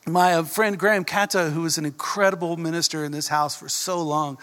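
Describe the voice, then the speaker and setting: High-voiced pastor with Southern drawl. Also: male voice, steady tone, a little fast, fairly bright tone. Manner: earnest, often asks the congregation questions. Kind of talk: sermon. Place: church. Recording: echoey church hall.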